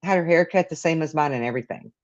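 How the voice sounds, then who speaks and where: A woman with a low voice hosts a casual live chat show. She rambles through stories, restarting sentences and laughing along the way. The audio is dull and muffled, like a lo-fi stream. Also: racing. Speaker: podcast host.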